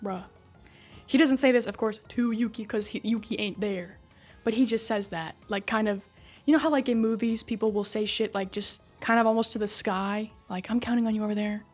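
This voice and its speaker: A woman's voice: on the high side, moderate pace, soft background music. A woman retelling a story in a casual, chatty recap, swearing freely and filling her talk with "like" and "right?". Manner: chatty and profane, full of "like" and "right?". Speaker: video creator recapping a game story.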